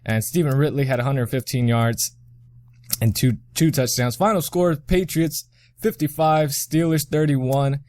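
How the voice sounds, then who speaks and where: A man's voice: medium pitch, steady tone, measured pace, darkish tone, no room sound. Rambling young man recapping sports. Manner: rambling, self-correcting, chuckles often. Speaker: podcast host.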